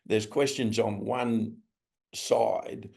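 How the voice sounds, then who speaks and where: A man with an Australian accent presenting a webinar, telling anecdotes and acting out quoted people in a higher voice. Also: steady tone, drawn-out words, creaky, darkish tone. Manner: anecdotal, acts out quoted voices in a raised pitch. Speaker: webinar presenter on restorative practice. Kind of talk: storytelling presentation.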